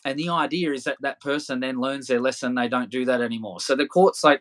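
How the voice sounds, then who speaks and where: A man in his thirties, talking as a podcast guest at a mid pitch. His stories ramble and restart, laced with swearing and easy laughter. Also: fairly even intonation, brisk. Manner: loose, rambling, swears freely, laughs often. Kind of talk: casual storytelling interview.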